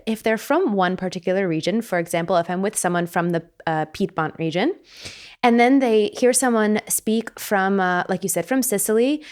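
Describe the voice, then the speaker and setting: A young woman with an American accent hosts a relaxed conversation. Her voice sits at an ordinary middle pitch, and she talks freely, often pausing to rephrase herself. Her laughter comes easily between thoughts. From United States. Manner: chatty, self-correcting, laughs often. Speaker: host. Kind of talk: casual chat.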